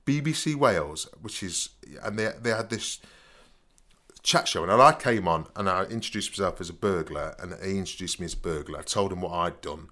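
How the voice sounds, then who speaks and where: Animated man, lively storytelling voice. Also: low-pitched, a little fast. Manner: animated, stammering restarts, frequent "you know what I mean". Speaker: podcast co-host. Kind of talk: casual storytelling chat.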